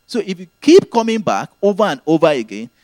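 A man's voice: high-pitched, very animated, a little fast, darkish tone, no room sound. A man preaching a sermon, teaching earnestly and repeating his key phrases.

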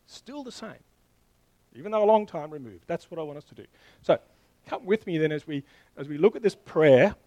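A man's voice: sits high, a little mellow, no room sound. A man in his thirties or forties preaching a sermon in a conversational way, often restarting phrases and speaking directly to his listeners. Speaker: pastor.

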